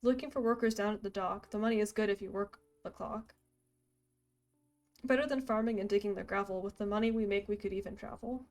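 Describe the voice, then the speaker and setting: A woman's voice: medium pitch, brisk, a little mellow, soft background music, lightly acted. A woman reading a friendly young farmhand. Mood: easygoing. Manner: reading rhymed lines aloud in her own voice. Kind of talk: reading a video game's dialogue aloud.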